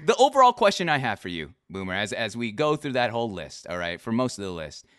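A man's voice: lowish voice, sing-song, fast talker, fairly bright tone, clear, resonant tone, no room sound, studio quality. A man in his twenties hosting a casual chat, teasing his guest and reading messages aloud with mock drama. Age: 20s. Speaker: host.

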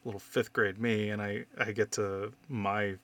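A man in his thirties talking in a casual podcast chat, candid and animated, swearing freely as he tells stories. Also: on the low side, a little slow, dry recording. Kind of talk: casual conversation.

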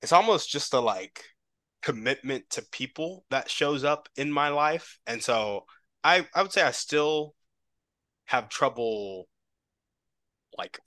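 A man talking reflectively as a podcast guest, hesitant and often pausing to search for words. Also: medium pitch, expressive, pushed and bright, no echo. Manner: reflective and hesitant, many fillers. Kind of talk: casual podcast conversation.

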